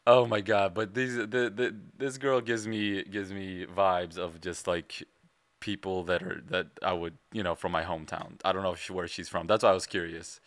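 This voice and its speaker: Dry, low-voiced man breaking down rhymes. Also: steady tone, normal speed, fairly bright tone, dry recording. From Illinois, USA. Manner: analytical, breaks down rhyme schemes. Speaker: reaction video host. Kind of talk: casual commentary.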